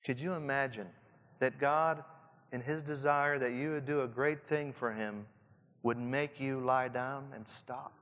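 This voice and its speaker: A man with a Southern Indiana accent preaching a reflective sermon to pastors, often dropping to a soft hush to stress a point. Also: mid-range voice, steady tone, a little slow, lo-fi sound. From Southern Indiana, USA. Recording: long hall reverb.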